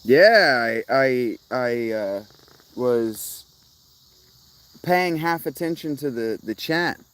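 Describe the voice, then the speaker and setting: A man's voice: medium pitch, lively intonation, slow, fairly bright tone, clean tone. A man chatting casually to his live-stream viewers, rambling, restarting sentences and laughing often. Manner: rambling, self-interrupting, laughs a lot. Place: outdoors, rural, crickets.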